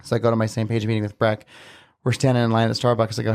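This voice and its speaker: A man's voice: lowish voice, monotone, racing, darkish tone, smooth. A man talking as a podcast guest, telling a personal story casually and earnestly, with many filler words. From Southern Utah, USA.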